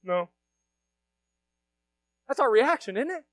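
A fiery preacher man with a very high, bright voice, preaching a sermon in a church. He moves between loud shouted bursts and low, quiet asides, and the sound is close and dry. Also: brisk, long pauses, no echo. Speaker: pastor. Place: church sanctuary.

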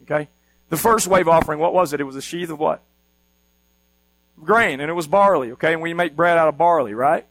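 A man's voice: fairly high pitch, brisk, pauses often, fairly bright tone, dry recording, low-quality recording. A man preaching a sermon as pastor, teaching with energy and often asking the congregation questions.

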